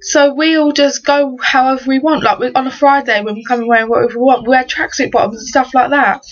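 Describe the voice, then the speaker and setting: A woman's voice: sits high, fairly even intonation, quick pace. Exasperated teen girl. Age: teens. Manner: exasperated, slangy storytelling. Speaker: vlogger. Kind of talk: casual ranting story. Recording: dull lo-fi webcam audio.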